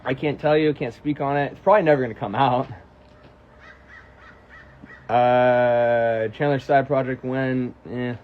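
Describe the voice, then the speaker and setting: A man's voice: medium pitch, unhurried, long pauses, a little hiss or hum. Young american guy on a phone livestream, swearing a lot, fired-up storytelling, kinda lo-fi muffled sound. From United States. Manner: profane, animated storytelling, answering chat questions. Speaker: musician on a livestream. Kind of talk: casual livestream Q&A.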